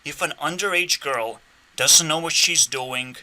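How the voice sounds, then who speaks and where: Bright-voiced man ranting, slow and erratic. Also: fairly high pitch. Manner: profane, erratic, swinging between shouting and muttering; trolling, laughing at his own provocations. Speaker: channel host. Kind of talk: unscripted rant to camera.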